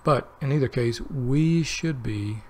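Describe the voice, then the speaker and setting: A man with a mid-range voice takes it slowly over slight background noise. He's running a let's play, chatting to himself in a rambling way as he plays and drifting from the game into personal tangents.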